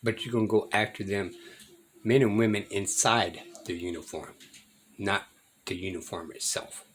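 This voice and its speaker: A man's voice: on the low side, fairly even intonation, normal speed, a little hiss or hum. A man commenting on a video, speaking in a preachy way and addressing his viewers directly.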